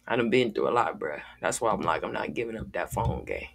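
Low and fairly bright with vocal fry, a man's voice carries a casual music reaction video. He keeps it chill and slangy, sprinkling in "bro" and "gang."

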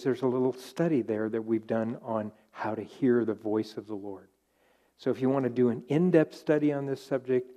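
A middle-aged man preaching at a Bible study with a warm, mellow voice. He speaks earnestly and circles back to his key phrases to drive them home. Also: medium pitch. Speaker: pastor.

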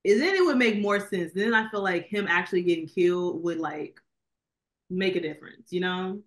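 A woman's voice: fairly low pitch, moderate pace, fairly bright tone. A woman co-hosting a podcast, chatting casually about a film she reviewed, rambling with lots of fillers. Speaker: podcast co-host. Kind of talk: casual movie review chat.

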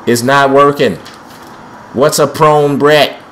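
A man's voice: mid-range voice, steady tone, takes it slowly, fairly bright tone, slight background noise. A young man giving panicky, trash-talking commentary while playing a wrestling video game, with speech. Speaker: gameplay commentator. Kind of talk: excited let's-play commentary.

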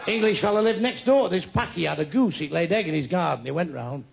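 An older man, a stand-up comedian, telling crude jokes full of swearing with deadpan punchlines. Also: on the high side, fairly quick, vocal fry, over music, a crowd in the background. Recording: muffled lo-fi with faint hiss.

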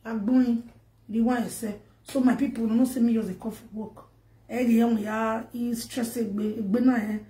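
A woman's voice: fairly high pitch, fairly even intonation, moderate pace, warm tone. A Nigerian woman on social media, ranting to camera in an emphatic, scolding way that repeats itself. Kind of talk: direct-to-camera rant. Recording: echoey room.

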